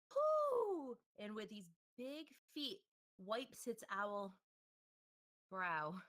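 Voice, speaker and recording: Woman GM, playful, lively pitch swings, tabletop narration. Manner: playful, with animal noises. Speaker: game master.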